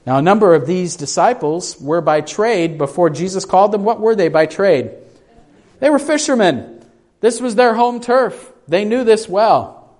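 A pastor preaches with a high-pitched voice, lively intonation and normal speed. He asks his congregation questions and acts out the voices in his story, moving between hushed and raised delivery.

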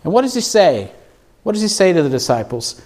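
A man's voice: sits high, a little fast. A man preaching a sermon as pastor in a church, asking the congregation questions as he goes. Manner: asks the congregation questions, animated.

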